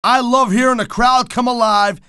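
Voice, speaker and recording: A man's voice: very high-pitched, fairly even intonation, normal speed, sharp tone, clean tone, no room sound, studio quality. A middle-aged man doing color commentary for a wrestling video game, blunt and wisecracking with tough-guy slang.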